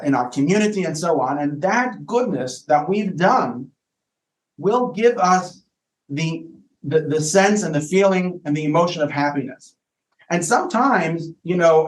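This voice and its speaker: A man's voice: on the high side, a little slow. Man speaking in an echoey room. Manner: thoughtful, repeats words while searching for phrasing. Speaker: rabbi, podcast guest. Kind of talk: casual explanatory conversation.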